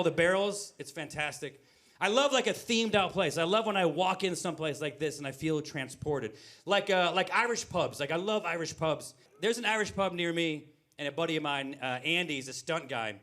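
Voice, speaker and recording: A middle-aged man performing stand-up comedy in a brewery, telling stories and acting out the characters in them. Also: a little high. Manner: animated storytelling, acting out characters in quoted voices. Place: brewery venue before a live audience.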